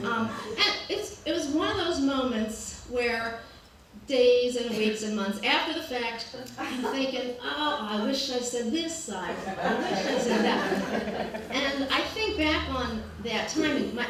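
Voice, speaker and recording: A woman's voice: a little high, measured pace. A woman telling a personal story to a live audience, wry and self-mocking, acting out what people said. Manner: wry, self-mocking, lively quoted asides. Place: art gallery event space. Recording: very echoey room, distant mic, noise.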